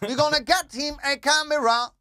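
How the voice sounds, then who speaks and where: A man's voice: very high-pitched, steady tone, normal speed, sharp tone, no room sound, clean studio sound, pitched above the performer's own voice. A man voicing a boastful young Jamaican player in a put-on Jamaican accent, chanting in rhythm. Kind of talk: podcast impression.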